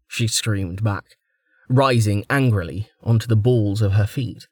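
A man's voice: on the low side, unhurried, darkish tone, no echo. A man narrating a fantasy audiobook with dramatic storytelling, close to the mic. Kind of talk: scripted narration.

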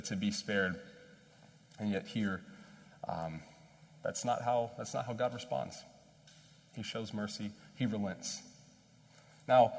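A man preaching a sermon in a conversational, animated storytelling way, with self-deprecating asides. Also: medium pitch. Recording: long hall reverb.

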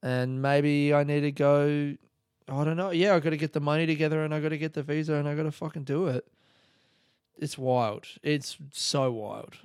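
Young man, solo podcast host: loose, rambling delivery, swears a lot, breaks into laughs. Smooth, clean voice, dry close-mic sound. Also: on the high side, fairly even intonation, moderate pace, darkish tone, no room sound. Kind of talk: casual solo podcast talk.

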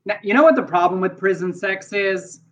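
A man co-hosting a podcast, chatting about the news in a campy, playful way with quick asides. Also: sits high. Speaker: podcast co-host. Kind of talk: casual news chat. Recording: dull lo-fi sound.

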